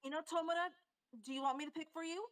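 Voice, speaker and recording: A woman taking part in a live-streamed draft, chatting casually and making quick asides. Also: very high voice, fairly even intonation.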